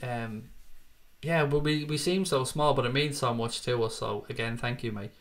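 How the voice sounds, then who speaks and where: A man's voice: mid-range voice, moderate pace. A man hosting a casual football live stream, reading out viewer comments and answering them in a chatty way, swearing freely and laughing things off.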